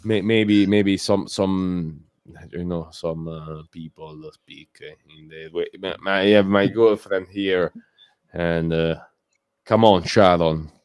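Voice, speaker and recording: An Italian man speaking accented English calls into a community stream for a casual chat, full of fillers and restarts. His voice sits low and is darkish, clear and resonant, with fairly even intonation and a slow pace. The sound is clean studio audio with no echo.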